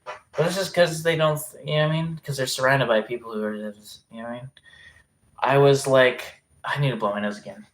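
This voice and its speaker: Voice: mid-range voice, steady tone, brisk, a little hiss or hum. Rambling, swearing livestreamer reading chat. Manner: rambling, self-interrupting, reacting to chat messages; swearing freely.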